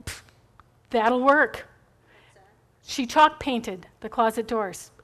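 A woman's voice: on the high side, slow, a bit bright. A middle-aged woman giving a chatty, rambling faith talk to a group, encouraging and full of asides.

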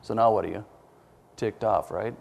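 A man's voice: fairly low pitch, steady tone, moderate pace, vocal fry, darkish tone. A man preaching a sermon in a conversational way, quizzing his listeners with questions and dropping self-deprecating asides.

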